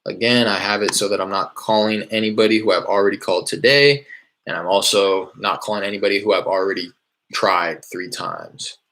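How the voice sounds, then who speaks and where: Low gravelly man explaining casually. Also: steady tone, a little fast, a bit bright, a little hiss or hum. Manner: loose and conversational, many fillers and restarts. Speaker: real estate wholesaler teaching cold calling. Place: small hot indoor room.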